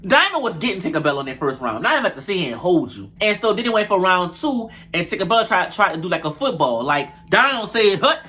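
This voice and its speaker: A young man, reviewing a reality show episode in animated, profane, gossipy casual chat. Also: sits high, quick pace, few pauses. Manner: animated, profane, gossipy, addresses viewers as y'all.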